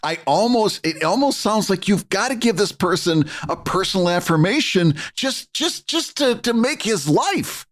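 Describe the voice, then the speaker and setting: A man's voice: sits high, lively intonation, normal speed, few pauses, a bit bright. A man co-hosting a casual podcast, stumbling over his words and laughing easily. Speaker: podcast co-host. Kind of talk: casual chat.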